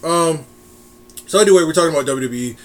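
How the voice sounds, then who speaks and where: A man's voice: a little high, fast. A man co-hosting a casual wrestling chat podcast, rambling with restarts and frequent laughs. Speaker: podcast co-host.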